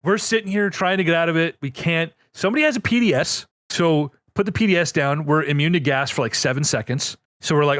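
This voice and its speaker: A man's voice: on the high side, a little fast, hardly any pauses, no echo, clean studio sound. A man co-hosting a casual gaming podcast, telling a story with lots of energy and some swearing. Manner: animated storyteller, swears freely. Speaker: podcast co-host.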